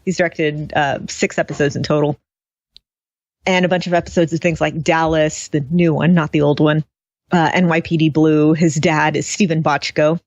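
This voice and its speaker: Woman podcast host, lowish voice, sarcastic and giggly, dull dry lo-fi sound. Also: normal speed, no room sound. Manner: sarcastic, laughs often, animated. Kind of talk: casual chat, TV episode discussion.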